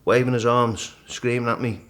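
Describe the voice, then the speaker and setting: A middle-aged man, a guest in a casual interview, vividly retelling his climb and acting out the shouts and thoughts along the way. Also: mid-range voice, normal speed. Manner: animated storyteller, acts out his own shouts and thoughts. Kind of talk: storytelling in casual conversation.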